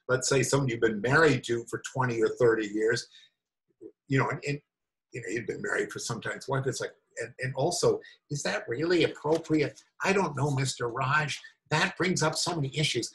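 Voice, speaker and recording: A man's voice: mid-range voice, normal speed, rough recording. A man giving a rambling, incredulous commentary as a meditation teacher. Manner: animated, incredulous, rambling asides. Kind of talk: reading and commentary on a spiritual talk.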